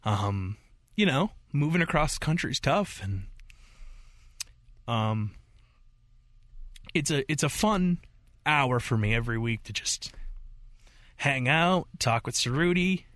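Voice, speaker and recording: A man's voice: mid-range voice, lively intonation, slow, long pauses, fairly bright tone, no room sound. A man co-hosting a podcast in a studio, talking casually, rambling a bit and getting choked up. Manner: rambling, chokes up and gets emotional. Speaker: podcast co-host.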